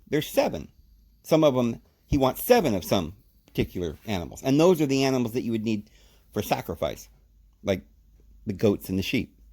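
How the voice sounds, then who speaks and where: A man's animated podcast Bible lesson comes in short, punchy phrases. He stresses his points hard, and his pitch spikes suddenly.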